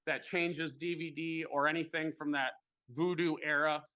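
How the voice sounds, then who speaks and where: A young man telling a long story in casual chat, animated and swearing freely. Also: on the high side, normal speed, smooth.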